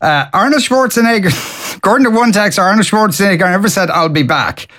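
A man hosting a radio show, reading out listener texts and reacting with short, lively comments. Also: high voice, fast talker. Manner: lively, brief interjections and reactions. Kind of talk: casual radio chat.

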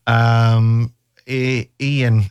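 A man's voice: medium pitch, flat delivery, very slow, a little mellow, clear, resonant tone, lo-fi sound. A man hosting a radio show, rambling and self-mocking as he chats and bluntly teases callers. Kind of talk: casual radio chat.

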